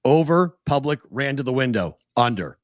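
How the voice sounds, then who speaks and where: Animated man talking sports odds. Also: medium pitch, normal speed, no room sound, clean studio sound. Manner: animated, incredulous, stat-heavy. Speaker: sports betting show host. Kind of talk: casual sports betting chat.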